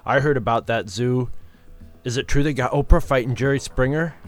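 A man voicing an excitable, boozy male trucker who talks eagerly and exclaims a lot. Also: medium pitch, normal speed, faint music behind, close to an everyday voice.

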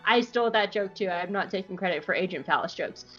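A woman's voice: mid-range voice, quick pace, fairly bright tone. Irreverent woman recapping a show. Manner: irreverent and swearing, acting out quotes. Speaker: podcast host. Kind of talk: casual comedic episode recap. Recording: dull lo-fi, faint music behind.

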